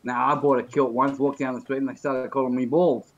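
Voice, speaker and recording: A man's voice: medium pitch, little pitch movement, fairly quick, highs cut off, a little hiss or hum. A man on a video call, chatting casually and joking his way through rambling stories. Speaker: guest.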